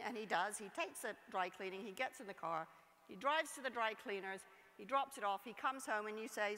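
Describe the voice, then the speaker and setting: A woman's voice: a little high, pushed and bright. A woman delivering a conference keynote address in an emphatic style, putting rhetorical questions to the audience. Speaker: keynote speaker. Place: large conference hall. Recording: long hall reverb.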